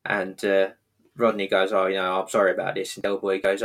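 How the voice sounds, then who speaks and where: Guy, lowish voice, rambling thru a tv plot recap with lots of ums and uhs. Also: little pitch movement, vocal fry, a bit bright. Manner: rambling, halting, lots of fillers. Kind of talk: casual retelling of a TV episode.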